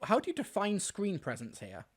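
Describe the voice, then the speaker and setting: A man's voice: high voice, wildly swooping pitch, moderate pace. A man hosting a reaction video, talking back to clips with sarcastic, exasperated commentary.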